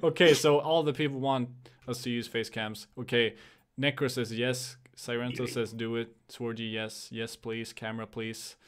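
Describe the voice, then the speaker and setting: A man's voice: medium pitch, steady tone, normal speed, smooth. A young man hosting a casual podcast, rambling through explanations with lots of fillers and restarts. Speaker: podcast host. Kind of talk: casual chat.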